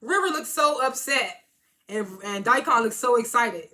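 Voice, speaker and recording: Bright-voiced woman giving a chatty recap. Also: a little high, expressive, moderate pace. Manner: chatty and amused, laughs often, retells scenes with "he was like". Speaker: TV episode reviewer. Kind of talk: casual episode recap.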